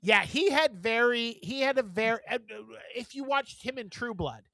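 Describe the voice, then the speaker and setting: A man co-hosting a podcast, chatting casually in a blunt, profane, animated way. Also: extremely high pitch, normal speed, no room sound. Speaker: podcast co-host. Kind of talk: casual chat.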